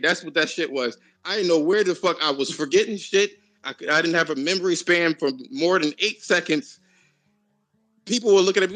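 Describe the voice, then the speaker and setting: A man's voice: on the high side, sharp tone, no room sound. A man hosting a casual group voice chat, talking frankly and with a lot of profanity. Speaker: host of an online voice chat.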